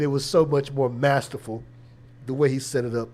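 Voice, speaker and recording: A man's voice: medium pitch, fairly even intonation, a little fast, darkish tone. A man who is a preacher, hosting a casual livestream with conversational, preachy commentary and a habit of repeating words. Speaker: preacher and show host.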